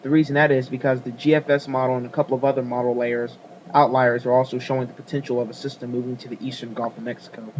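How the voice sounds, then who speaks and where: A man's voice: mid-range voice, flat delivery, fast, darkish tone, dull audio, a little hiss or hum. A man giving a casual weather forecast video, rambling with fillers and apologies as he works the screen.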